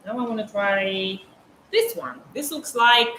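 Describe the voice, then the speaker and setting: A woman co-hosts a casual live stream and talks freely about each sweet as she tastes it. Her voice is bright and crisp. The room is echoey, with faint noise behind her. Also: fairly high pitch, expressive, unhurried. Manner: talkative, explains foods as she tastes them.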